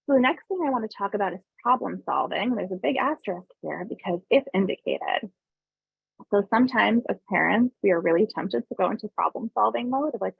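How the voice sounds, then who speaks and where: A woman presenting a parenting webinar in a relaxed, conversational way, often adding tag questions. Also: medium pitch, fairly quick, gravelly, husky, dry recording. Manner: calm explaining tone, briefly voices parents and kids. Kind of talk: informal online presentation. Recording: tinny phone-like dry webinar audio.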